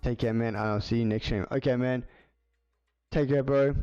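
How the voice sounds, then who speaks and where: A man's voice: mid-range voice, steady tone, moderate pace, mellow, clear, resonant tone, no room sound. A man chatting casually on a livestream, rambling along with lots of filler words. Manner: rambling, filler-heavy with many "like"s. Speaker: livestreamer and video editor. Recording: slightly dull audio with faint music.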